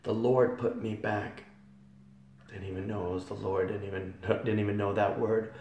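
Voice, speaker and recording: A man giving a fervent church testimony in a hall, repeating phrases and swelling loud on key words. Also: lowish voice, level tone, moderate pace, a little hiss or hum. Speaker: testimony speaker. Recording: echoey hall from far off.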